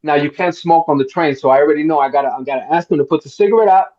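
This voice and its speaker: Rapid-fire and pitched on the high side, this middle-aged man from Miami is an actor at a roundtable interview. He narrates a long anecdote in animated fashion, acting out the quotes, on lo-fi sound.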